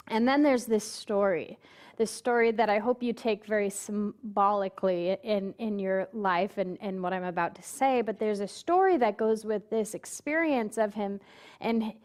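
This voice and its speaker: A woman minister preaching a sermon, telling a story and putting on quoted voices, and asking the congregation questions directly. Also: mid-range voice.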